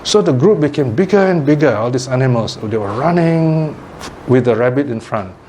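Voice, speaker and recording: Man, Buddhist teacher, dharma talk, animated storytelling, medium pitch, faint hiss. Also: normal speed. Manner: animated storytelling, laughs often.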